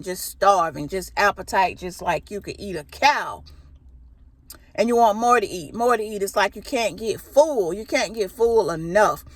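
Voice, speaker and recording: A woman's voice: fairly high pitch, a bit bright, no room sound. A woman, chatting casually and emphatically to her viewers. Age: 40s. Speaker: vlogger. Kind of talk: casual direct-to-camera talk.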